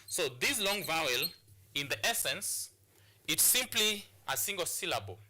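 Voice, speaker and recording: Man, Kenyan English accent, teacher, very bright tone, slightly high pitch, repeats and restarts, rhetorical questions. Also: big pitch swings, a little slow, a little hiss or hum. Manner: repetitive explanations, frequent restarts and rhetorical questions. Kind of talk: classroom lesson on stress and syllables.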